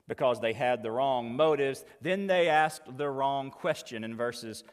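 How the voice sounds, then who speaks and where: A man's voice: mid-range voice, unhurried, smooth, long reverb tail. A man preaching a sermon as pastor, conversational and emphatic, with folksy asides.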